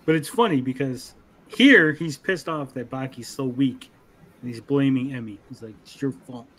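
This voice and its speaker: A young man co-hosting a casual anime review, animated, acting out character lines in funny voices. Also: mid-range voice, moderate pace, slight background noise. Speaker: podcast co-host.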